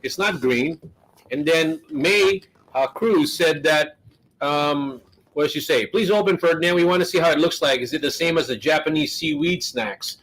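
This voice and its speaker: A man's voice: a little high, moderate pace, a bit bright, poor audio. A man hosting a live product demo, chatting casually and talking while he eats. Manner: chatty, talks while eating. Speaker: show host. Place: US studio.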